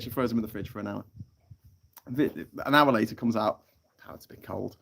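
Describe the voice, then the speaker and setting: A man's voice: lowish voice, fairly quick, gravelly, fairly bright tone. Guy chatting on a live stream, swears a lot, cracks jokes, reads chat out. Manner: chatty and sweary, telling jokes with lots of laughter. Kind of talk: casual live-stream chat reading out chat comments. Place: off-grid tropical island, from a hammock.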